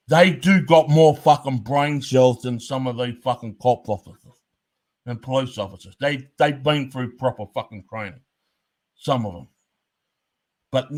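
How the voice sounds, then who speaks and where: A man giving a heated, blunt commentary rant, swearing constantly and hammering his points. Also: medium pitch. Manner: profane, blunt and emphatic.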